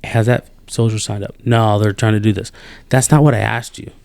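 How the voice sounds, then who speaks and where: A man hosting a podcast, venting in an animated, exasperated way with many restarts. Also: lowish voice, fairly quick, vocal fry, no echo. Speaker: podcast host. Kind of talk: casual chat.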